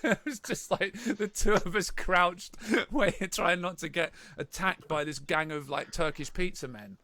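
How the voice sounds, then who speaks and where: Man, high voice, dry close sound, casual podcast storytelling, rambling, laughs a lot. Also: measured pace, bright, forceful tone, no echo. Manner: rambling, laughing anecdote teller with many restarts. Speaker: podcast co-host, band member.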